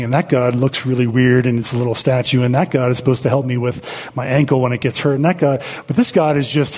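A man's voice: medium pitch, darkish tone, husky. A male pastor preaching a sermon and reading scripture aloud, earnest, with frequent repeats and restarts.

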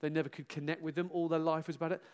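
A middle-aged pastor giving an animated, self-mocking farewell address to his church, breaking into loud exclamations and laughter. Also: a little high, rapid-fire, clean tone.

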